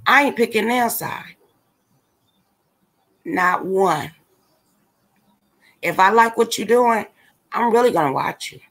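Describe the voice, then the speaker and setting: A woman's voice: mid-range voice, animated, takes it slowly, pauses often, a bit bright. A woman hosting a casual livestream, ranting bluntly and with exasperation straight to her viewers. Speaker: livestream commentator.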